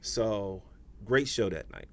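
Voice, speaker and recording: Animated middle-aged male comedian telling stories. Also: lowish voice, slow, gravelly. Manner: animated storyteller who acts out the people he quotes. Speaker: guest comedian. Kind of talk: casual interview storytelling.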